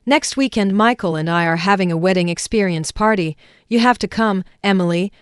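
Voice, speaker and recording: Woman doing a fake-sweet young schemer, soft and sugary, clean dry story read. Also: mid-range voice, a little fast, clean tone, no room sound, lightly acted. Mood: boastful.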